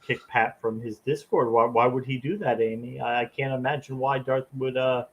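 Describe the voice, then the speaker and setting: Wry man co-host, mid-pitched. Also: fairly even intonation, normal speed, a bit bright, muffled recording. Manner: wry, agreeable banter. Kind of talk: casual livestream chat.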